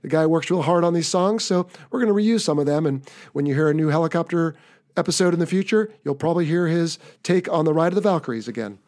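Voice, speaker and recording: A man's voice: a little high, fast, a little mellow. An American man hosting a podcast, talking in an upbeat, chatty, slightly rambling way. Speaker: podcast host. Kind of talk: casual podcast talk.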